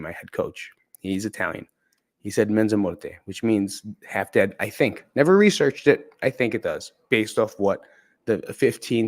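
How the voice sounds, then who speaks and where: A man candidly telling a personal story in a conversational, profane way. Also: on the low side. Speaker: podcast speaker.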